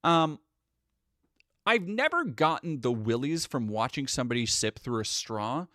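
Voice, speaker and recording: A man's voice: medium pitch, big pitch swings, unhurried, pushed and bright, dry recording, clean studio sound. A man live streaming, rambling through sarcastic casual commentary with lots of restarts.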